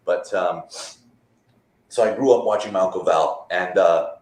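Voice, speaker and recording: A guest magician, connected remotely from a borrowed apartment, spins rambling stories in a relaxed interview chat with roomy echo. His low-pitched voice is darkish in tone and moves at a measured pace.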